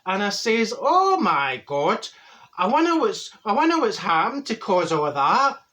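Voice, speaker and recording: A man's voice: high voice, very animated, unhurried, pushed and bright, full character voice. A man playing a brash, straight-talking middle-aged Glaswegian woman who tells a rambling comic story full of mixed-up sayings. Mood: gossipy. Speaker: comic character monologue. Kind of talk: comedic character monologue.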